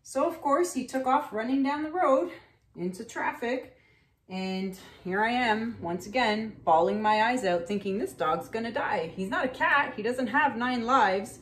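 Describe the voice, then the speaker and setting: A woman in her thirties talks her way through an acrylic pour painting session, chatty and rambling, full of "anywho" and "um". Her voice sits at an ordinary pitch and bounces around an echoey room. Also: expressive, measured pace, fairly bright tone. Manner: chatty, rambling, with frequent fillers. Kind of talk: casual painting tutorial with storytelling.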